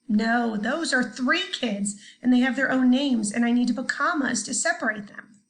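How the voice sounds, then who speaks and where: A woman's voice: fairly high pitch, moderate pace, fairly bright tone, rough recording. A woman teaching a recorded grammar lesson to third graders in a chatty, upbeat way, talking directly to the children. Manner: chatty, upbeat, talks straight to young students.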